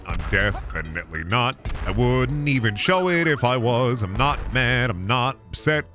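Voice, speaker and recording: A man's voice: mid-range voice, animated, moderate pace, pushed and bright, soft background music. A young man commentating a video game, ranting and swearing in mock frustration. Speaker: streamer. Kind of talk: gameplay commentary.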